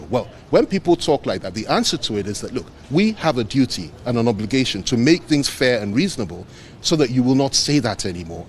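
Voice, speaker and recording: A man's voice: medium pitch, slight background noise. A man giving an earnest, emphatic press statement, repeating phrases for weight. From Nigeria. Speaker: politician speaking to the press.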